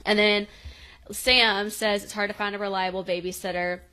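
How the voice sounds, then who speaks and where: A woman's voice: medium pitch, flat delivery, moderate pace, sharp tone, clear, resonant tone. A woman co-hosting a podcast, casually retelling a TV episode scene by scene and acting out the characters' lines with laughs. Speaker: podcast co-host. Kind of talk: casual recap chat.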